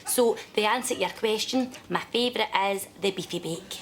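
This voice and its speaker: An actress playing a chatty Scottish factory worker who gushes. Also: female voice, mid-range voice, normal speed, slight background noise, close to an everyday voice. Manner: chatty, gushing.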